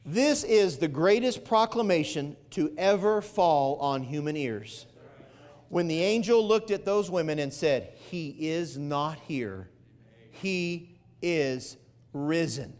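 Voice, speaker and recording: A man with a notably high voice preaches from the pulpit, leaning hard on key phrases and drawing them out. His words ring through a church sanctuary with a long reverb trailing behind. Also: expressive, a little mellow. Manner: preaching with swelling emphasis and drawn-out phrases. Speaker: pastor. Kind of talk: sermon.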